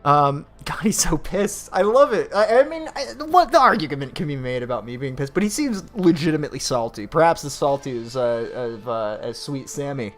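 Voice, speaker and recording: A man's voice: on the high side, lively intonation, normal speed, few pauses, faint music behind. A man hosting a late-night livestream, commenting on clips with sarcastic, profane mockery. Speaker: stream host.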